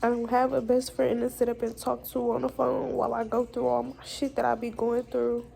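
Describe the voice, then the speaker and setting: A young woman speaks to her camera in a personal vlog, venting with blunt, profane frankness. Her voice sits a little high and carries a gravelly fry. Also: flat delivery, fairly quick, mellow, low-quality recording. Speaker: vlogger.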